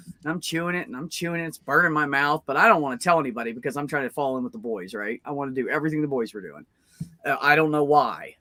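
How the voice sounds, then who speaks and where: In a low, fast voice with no room sound, a woman hosts a casual stream chat. She's an animated, profane storyteller, spinning rowdy tales from her childhood.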